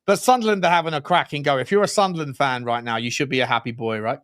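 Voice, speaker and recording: A man co-hosting a football podcast, talking excitedly in casual slangy chat, rambling and cutting himself off mid-sentence. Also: medium pitch, fast talker, clear, resonant tone. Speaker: podcast co-host.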